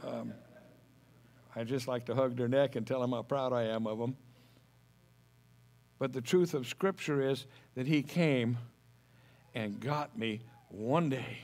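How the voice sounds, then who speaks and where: A man's voice: mid-range voice, unhurried, pauses often, a little mellow. A middle-aged man preaching a sermon as pastor, folksy and homespun, telling stories with humor.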